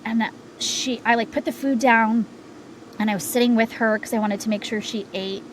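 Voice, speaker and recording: Halting, candid young woman telling a story. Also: a little high, steady tone, a little hiss or hum, poor audio. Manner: halting, many filler words and restarts. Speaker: podcast guest. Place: home sound booth.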